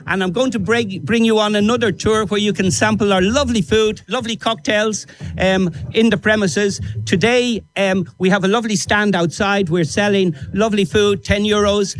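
High-voiced Dublin restaurant owner. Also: male voice, steady tone, moderate pace, poor audio. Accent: Dublin, Irish. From Dublin, Ireland. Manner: enthusiastic promoter, powerful voice. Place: outdoors at a stall.

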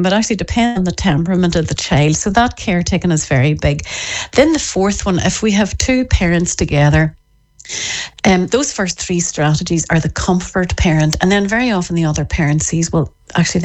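A woman, a parenting author explaining her ideas in an interview in a lively way. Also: fairly low pitch. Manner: lively, acts out parents' voices in quotes. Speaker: parenting author and expert guest.

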